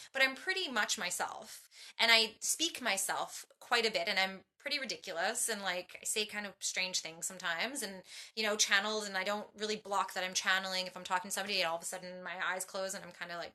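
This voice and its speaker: A woman talks in a bright, forceful voice, chatty and expressive, acting out little snippets of dialogue as she goes. Her talk is loose and casual, full of fillers and restarts. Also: mid-range voice. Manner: animated and expressive, acts out quoted dialogue. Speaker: transformation coach. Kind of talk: casual behind-the-scenes chat.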